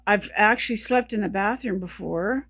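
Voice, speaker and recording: A woman speaking in a personal video diary, short of breath while talking, halting and stumbling with many restarts, weary and subdued. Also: medium pitch, a bit bright, breathy edge, no echo, clean studio sound. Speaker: vlogger.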